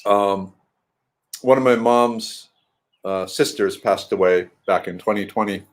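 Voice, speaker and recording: A man's voice: on the low side, measured pace. A middle-aged man chatting casually in a home vlog, rambling and throwing in playful sing-song asides. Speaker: vlogger.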